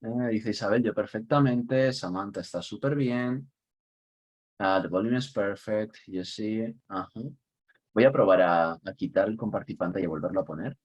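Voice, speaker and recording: Over a computer mic on a video call, a man with a lowish, husky voice teaches an online English class at a brisk pace. He's chatty and upbeat, chuckling often and stressing key words.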